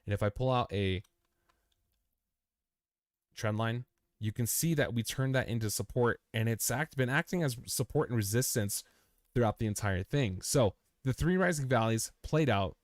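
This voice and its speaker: A man's voice: medium pitch, normal speed, dry recording, studio quality. A young man hosting a live stream, talking casually through price charts and repeating phrases, calling listeners "man" and "dude". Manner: chatty, repeats phrases, addresses the chart as "you"; says "man", "dude" and "bro". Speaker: crypto chart analysis livestream host.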